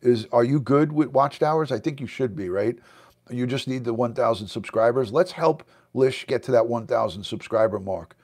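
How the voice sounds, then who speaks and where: A man's voice: medium pitch, moderate pace, a little mellow. A middle-aged American man hosts a casual livestream from his basement at home, talking loosely and reading out viewer comments as they come in. His voice sits in an ordinary middle range, and he sounds close to the webcam mic. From United States. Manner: chatty, reads viewer comments aloud. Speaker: livestream host. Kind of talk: casual live-stream chat.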